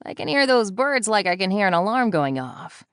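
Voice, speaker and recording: A woman's voice: medium pitch, big pitch swings, moderate pace, fairly bright tone, clear, resonant tone, no room sound, clean studio sound, voice pushed up. Woman voicing a teasing young male sidekick. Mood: wry. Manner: teasing, smirking. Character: wry young male partner in crime.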